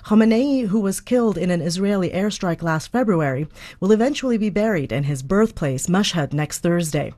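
A woman's voice: on the low side, normal speed. Woman correspondent filing a report. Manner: steady and even. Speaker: foreign correspondent. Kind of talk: scripted news report.

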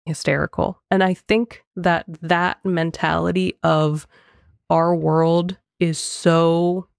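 A young woman co-hosting a casual film podcast, animated and laughing often as she talks in quick bursts. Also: on the low side, vocal fry, smooth, no room sound, studio quality. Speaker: podcast co-host.

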